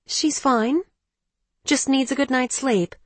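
A woman reading an audiobook, voicing a blunt, protective young woman friend who talks briskly. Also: sits high, slightly rough, no room sound, voice pushed up, full character voice. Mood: firm.

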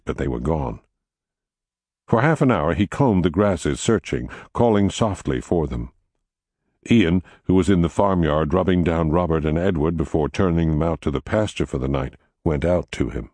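A deep-voiced man reads a novel aloud in a measured storyteller's way, with his pitch moving expressively through each sentence. The recording is dry and close, with no room sound. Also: lively intonation, a little mellow, dry recording. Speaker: audiobook narrator. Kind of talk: scripted narration.

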